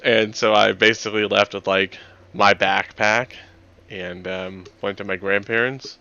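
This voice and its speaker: A man's voice: on the low side, flat delivery, measured pace, vocal fry, sharp tone, clean tone, lo-fi sound. A young man chatting casually before a tabletop game session, telling a swear-filled story through frequent laughter over voice chat. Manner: profane, laughing anecdote-teller.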